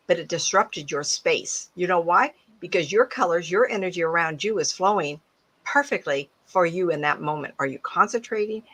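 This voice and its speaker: A woman in her seventies, a psychic medium giving a casual talk to an audience, animated and laughing often as she acts out other people's voices. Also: lowish voice, low-quality recording. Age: 70s.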